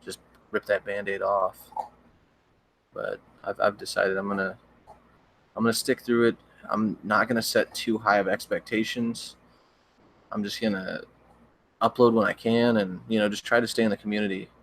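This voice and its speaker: Young man, low voice, monotone delivery, halting rambling livestream talk, voice that cracks. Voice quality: voice cracks and needs frequent throat-clearing. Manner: rambling, hesitant, with many restarts and fillers. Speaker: horror story narrator and channel host. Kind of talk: casual livestream chat.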